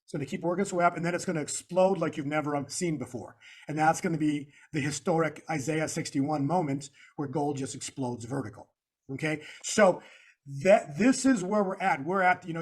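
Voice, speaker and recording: A man with a somewhat high voice speaks as an interview guest. He explains slides point by point, stressing words and circling back to the same phrases in an emphatic, preacher-like way. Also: brisk, husky. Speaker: guest analyst. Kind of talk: interview walking through slides.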